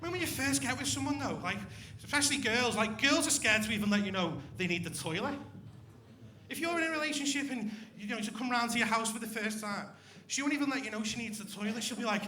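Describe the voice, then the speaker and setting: A man's voice: very high voice, expressive, fast talker, sharp tone. A young man doing a crude, swearing stand-up routine with crowd work on a comedy club stage. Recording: echoey club room.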